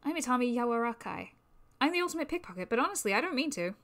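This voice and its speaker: A woman voicing an excitable, sweet young boy who talks in a bubbly, eager way. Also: fairly high pitch, fast talker. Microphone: new microphone.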